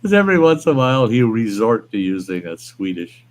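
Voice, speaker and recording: Mid-range and very animated, this livestream host's voice runs a little fast. He chats casually, rambles, and reads out comments from viewers.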